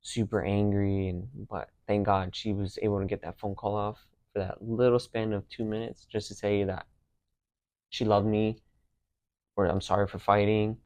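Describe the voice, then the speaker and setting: A man's voice: fairly low pitch, no echo. A young man hosting a podcast, telling personal stories in a casual, slangy way. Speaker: podcast host.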